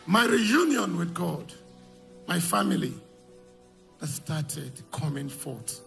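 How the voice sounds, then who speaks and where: A man giving an emotional church testimony, telling his story and shouting at the high points. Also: sing-song, slow pace, vocal fry, faint music behind.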